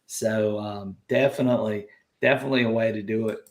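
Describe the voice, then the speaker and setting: A man's voice: on the low side, steady tone, a little fast, echoey room. A man with a Southern US accent hosting a casual live chat, folksy and upbeat as he reads out viewer comments. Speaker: livestream host.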